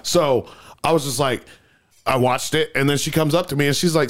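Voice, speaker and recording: A man's voice: mid-range voice, normal speed. A man co-hosting a casual podcast, telling stories with lots of stacked "and"s and restarts. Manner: excited storyteller, stacks up repeated "and"s and restarts. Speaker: podcast co-host.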